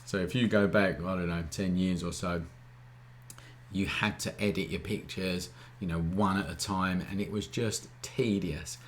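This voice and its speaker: A man's voice: low voice, unhurried, a little hiss or hum. A man, hosting a live photography Q&A in a chatty, informal teaching style that keeps checking in with the viewers. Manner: chatty, keeps asking "all right?"; informal, relaxed wording. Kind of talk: casual live-stream teaching.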